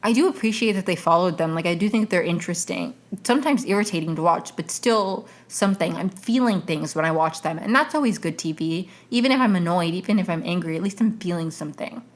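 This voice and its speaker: Rambling, exasperated woman, slightly low. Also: quick pace, few pauses. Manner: rambling and exasperated, many fillers and restarts. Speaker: podcast host. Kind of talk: casual solo commentary.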